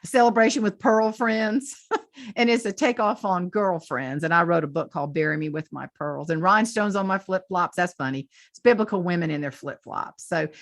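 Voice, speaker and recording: A Southern woman from the South Carolina Lowcountry, a humorist and speaker, telling folksy stories in an interview and laughing often. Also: dry recording, studio quality. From Southern United States. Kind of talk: storytelling interview chat.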